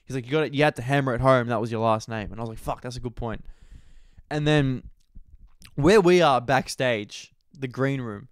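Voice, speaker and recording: A man's voice: mid-range voice, normal speed, no echo. Young man telling a rambling story. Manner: swearing, rambling, filler-heavy storytelling. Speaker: stand-up comedian. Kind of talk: casual storytelling chat.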